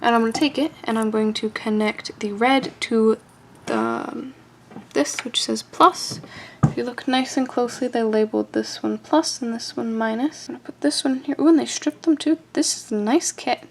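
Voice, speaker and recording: A woman with a somewhat high voice and a gravelly edge narrates a hands-on kit build in a casual way. She jokes at her own expense, laughs easily, and often slips into a soft whisper while she concentrates. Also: moderate pace, slight background noise. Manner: playful and self-joking, often laughing. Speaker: amateur radio hobbyist building a kit.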